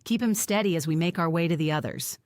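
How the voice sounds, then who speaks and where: A woman reading aloud, voicing another woman giving quick instructions. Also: fairly low pitch, no echo, clean studio sound, natural voice. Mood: decisive. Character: woman taking charge in a crisis.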